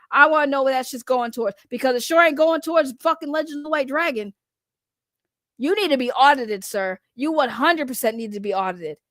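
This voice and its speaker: A woman's voice: high voice, a bit bright, no echo, studio quality. A woman giving heated, profane reaction commentary as a vlogger, repeating her angry points. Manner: heated, profane, repetitive ranting.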